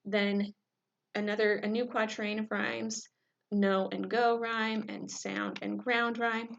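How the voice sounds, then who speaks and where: A woman's voice: mid-range voice, animated, takes it slowly, gravelly, a little hiss or hum. A woman teaching a recorded lecture in an explanatory way, with many fillers, sometimes chanting a poem's rhythm aloud. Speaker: instructor. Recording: dull lo-fi recording.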